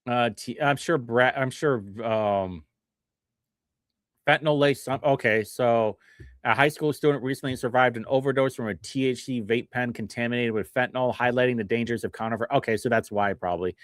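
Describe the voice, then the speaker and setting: A male livestream host who reads bill text aloud and mocks it in casual commentary, chuckling often, with big swings in pitch. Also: moderate pace, dry recording, studio quality. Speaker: livestream host reviewing state bills.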